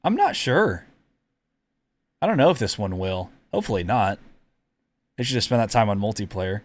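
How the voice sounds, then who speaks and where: Low-voiced male co-host, dry quips. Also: lively intonation, normal speed. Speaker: podcast co-host. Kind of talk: casual chat.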